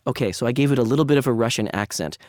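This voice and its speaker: A man's voice: medium pitch, racing, darkish tone, dry recording, clean studio sound. A man lecturing on literature in a conversational, analytical way, with frequent asides. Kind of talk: academic lecture.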